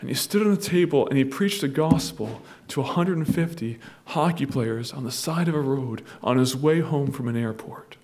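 Impassioned pastor preaching. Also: male voice, medium pitch, moderate pace, hardly any pauses. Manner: storytelling, building to loud impassioned preaching. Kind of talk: sermon.

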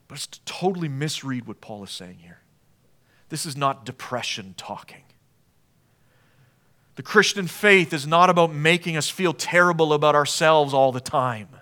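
A pastor delivering a sermon in a church, moving between quiet, hushed passages and raised, emphatic ones. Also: male voice, fairly high pitch. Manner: dynamic preaching, swinging from hushed to emphatic. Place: church sanctuary.

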